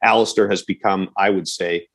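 Man from Canada, 50s, podcast co-host, joking storyteller, fairly low pitch. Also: steady tone, moderate pace, gravelly, breathy edge. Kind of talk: casual chat.

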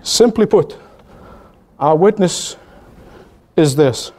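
A man preaches a sermon with an emphatic, repetitive cadence and an expressive delivery. He swings between high exclamations and low, slow, solemn lines.

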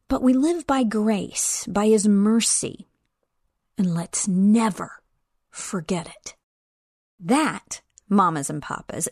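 Animated slow-spoken woman Bible teacher. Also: slightly rough, no room sound, studio quality. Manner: acts out the students and professor with lively shifts of pitch. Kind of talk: retelling a sermon story, then teaching.

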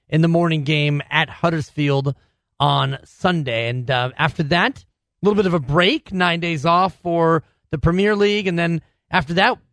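A man from the Bay Area hosts a casual soccer show with a slightly high-pitched voice. He runs through fixtures in a steady, wry presenter tone. The recording is dry and close. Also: no echo. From Bay Area, California. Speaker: soccer podcast host. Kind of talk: casual sports talk, previewing fixtures.

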